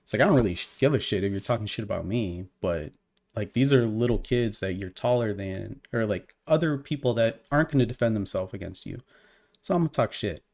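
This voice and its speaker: A man's voice: lowish voice, brisk, vocal fry, a little mellow. A man co-hosting a podcast, telling a heated story in casual, profane chat. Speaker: podcast co-host.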